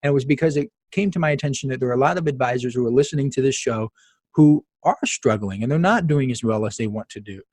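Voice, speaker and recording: A man's voice: mid-range voice, fast talker, a little mellow, no echo. A man hosting a podcast, talking casually and emphatically, telling stories with asides to the listener. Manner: chatty, emphatic, storytelling with asides. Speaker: podcast host.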